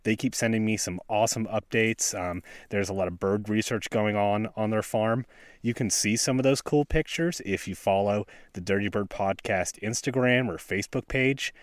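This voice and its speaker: A man with a West Virginian accent hosts his podcast from a snowy forest, talking in a laid-back, self-deprecating way. His voice sits on the low side. It is recorded close and dry, with little room sound. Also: moderate pace, no room sound. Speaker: podcast host. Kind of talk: casual outdoor podcast talk. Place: snowy forest outdoors by a stream.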